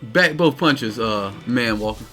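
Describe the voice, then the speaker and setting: A man's voice: medium pitch, a little slow, soft background music. A man streaming live, ranting in exasperated detail about a fighting game character. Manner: animated, incredulous, cursing.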